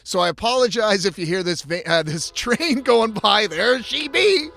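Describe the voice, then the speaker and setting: A man's voice: high voice, animated, normal speed, creaky, fairly bright tone. A man hosting a casual solo podcast from inside his van, ranting with lots of swearing and restarts. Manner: profane, exasperated ranting with frequent restarts. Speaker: podcast host.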